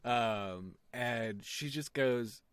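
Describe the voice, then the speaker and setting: A man's voice: mid-range voice, very slow, clean tone. A young man co-hosting a casual podcast, telling stories with lots of acted-out quotes. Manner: animated storytelling, acts out quotes. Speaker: podcast co-host.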